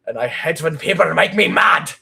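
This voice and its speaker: A man's voice: medium pitch, normal speed, mellow, slight background noise, close to an everyday voice. A man doing a proper German gent with a German accent, stiff and touchy, rants about clothes. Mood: prim. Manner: stiff and proper, turning angry. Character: prim German gentleman who snaps into anger.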